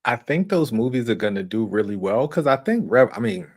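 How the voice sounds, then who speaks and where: A man's voice: mid-range voice, very animated, fairly quick. A man talking as a guest on a casual live movie chat, rambling with many fillers and restarts.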